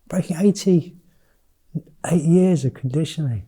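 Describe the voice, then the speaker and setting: Brief: male meditation teacher in his fifties, very dark, mellow tone, frank and conversational. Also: a little high, big pitch swings, unhurried, breathy edge. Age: 50s. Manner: candid and chatty, with blunt swearing. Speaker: mindfulness retreat teacher. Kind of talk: informal retreat talk.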